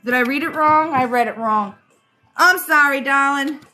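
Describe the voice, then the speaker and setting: A woman with a Rhode Island accent hosting a live stream as a psychic reader. She chats with viewers, calls them darling, and fills pauses with ums. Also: high-pitched, bright, forceful tone, soft background music. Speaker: psychic reader and livestream host. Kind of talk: live-stream chat and card reading.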